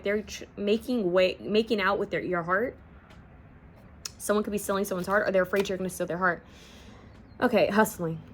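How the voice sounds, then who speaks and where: A woman's voice: mid-range voice, slight background noise. Chatty woman giving a casual tarot reading. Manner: chatty, rambling, sings song snippets. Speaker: tarot card reader.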